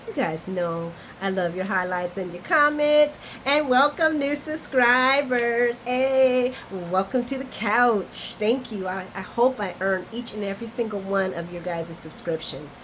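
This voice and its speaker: Speaking in a mid-range voice against slight background noise, a woman talks to camera while recapping a soap opera. She's chatty and animated, full of playful asides, and keeps calling her audience "y'all."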